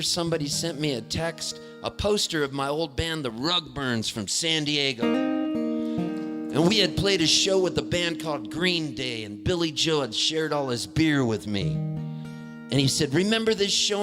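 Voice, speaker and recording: A man, a performing musician, telling an earnest story onstage at a concert hall, acting out the voices he quotes. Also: on the high side.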